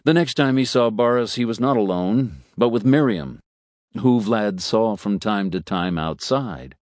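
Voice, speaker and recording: A man reading a story as an audiobook narrator, measured, shifting voice for the characters. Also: fairly low pitch, lively intonation, a little mellow, no room sound, studio quality. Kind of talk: scripted narration.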